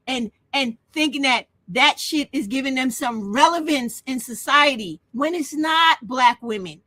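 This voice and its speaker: A woman's voice: sits high, animated, measured pace, hardly any pauses, sharp tone, no echo. A woman hosting her own channel, delivering a blunt, profane, emotional monologue. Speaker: channel host. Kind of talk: impassioned monologue rant.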